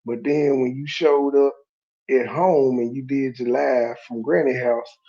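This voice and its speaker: A man's voice: medium pitch, steady tone, a little slow, mellow, highs cut off. A man giving blunt, mocking reaction commentary with heavy swearing.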